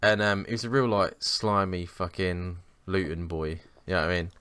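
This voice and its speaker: Bright, crisp young man, spinning sweary yarns. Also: deep voice, steady tone, moderate pace, dry recording. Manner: rambling, sweary, self-mocking anecdotes. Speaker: podcast co-host. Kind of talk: casual chat, storytelling.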